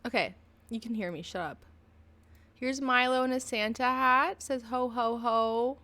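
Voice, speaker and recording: A woman's voice: high voice, normal speed, pushed and bright. A woman streaming casually from her PC, chatting in a rambling way full of "like" and "um", giggling often. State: tearful at times. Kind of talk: casual live-stream chat. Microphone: desk microphone at a PC.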